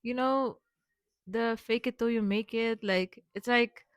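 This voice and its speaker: Young woman vlogger, slightly high voice, loose rambling delivery full of fillers, dry close recording. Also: steady tone, takes it slowly, no echo. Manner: rambling, lots of fillers and restarts, affirming. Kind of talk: rambling personal vlog.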